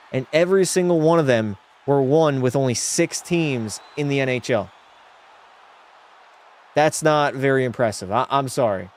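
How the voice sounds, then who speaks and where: This is a young man with a somewhat high, darkish voice, casually live-streaming a hockey video game from his room at home. He reads the chat aloud and doesn't hold back his blunt, opinionated takes.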